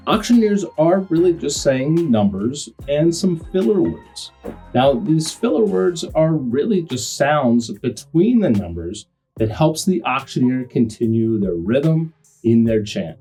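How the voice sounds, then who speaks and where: Mellow-voiced man explaining auction chants. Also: medium pitch, husky. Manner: slows down, then bursts into rapid chants. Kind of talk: explaining and demonstrating.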